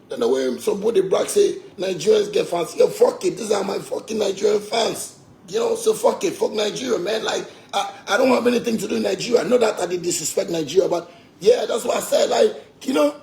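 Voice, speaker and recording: A Ghanaian-accented musician launches into a heated, boastful rant full of swearing, slipping into Pidgin as he goes. His voice sits high and has vocal fry.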